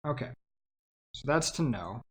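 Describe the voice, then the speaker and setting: A man's voice: mid-range voice, lively intonation, unhurried. A man on a casual livestream, teaching himself a language, sounding out words hesitantly and thinking aloud. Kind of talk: casual self-study livestream.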